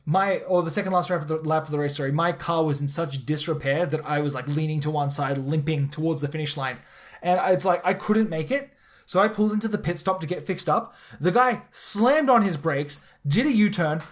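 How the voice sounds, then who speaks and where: Excitable, rambling podcast host. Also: medium pitch. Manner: excitable, rambling, repeats words when starting sentences. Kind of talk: casual podcast chat.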